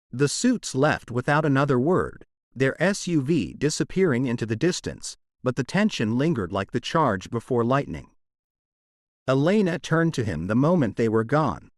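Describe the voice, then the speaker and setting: Expressive male audiobook narrator. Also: mid-range voice, normal speed, dry recording, clean studio sound. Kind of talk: scripted romance audiobook narration.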